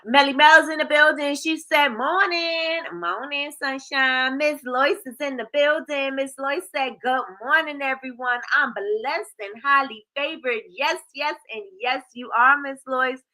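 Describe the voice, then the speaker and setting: A woman hosts a casual live stream, calling out viewers by name in a lively, sing-song way. Her voice is bright and a little high. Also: unhurried, hardly any pauses, rough recording. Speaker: livestream host.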